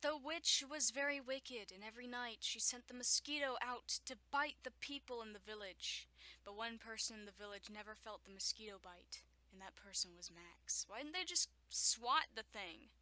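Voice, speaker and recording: A woman's voice: a little high, moderate pace, pushed and bright, dry recording. A young woman at home reading a children's story aloud, often stopping to joke, laugh and make sarcastic asides. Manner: frequent laughter and stumbles. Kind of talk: reading aloud with running commentary.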